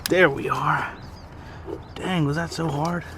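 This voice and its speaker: On a windy day outdoors, a DIY car repair vlogger works on a car and jokes casually to himself and his viewers. His voice is fairly high and fairly even, his pace is slow, and there is background noise.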